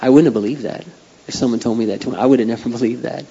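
Middle-aged guy preaching, heartfelt, goes quiet then loud, kinda dull lo-fi recording. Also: mid-range voice, steady tone, racing, vocal fry, breathy edge. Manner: heartfelt, swinging from hushed to loud and pleading. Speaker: pastor. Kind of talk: sermon. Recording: dull lo-fi sound.

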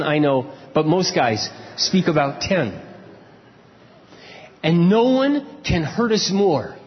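A married man preaching a sermon, telling personal stories and swinging from low confessional murmurs to loud shouted emphasis. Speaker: pastor. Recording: dull, echoey hall sound.

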